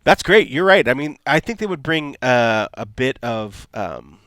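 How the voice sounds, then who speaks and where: A man's voice: mid-range voice, very animated, unhurried, a bit bright, smooth, no room sound. Swearing, joking man co-hosting a podcast. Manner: swears freely, loose and joking. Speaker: podcast co-host. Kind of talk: casual chat.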